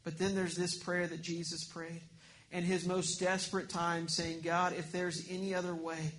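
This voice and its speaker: High-voiced man preaching a sermon. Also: little pitch movement, moderate pace, a little hiss or hum. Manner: earnest preaching, swings between emphatic and hushed. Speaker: pastor.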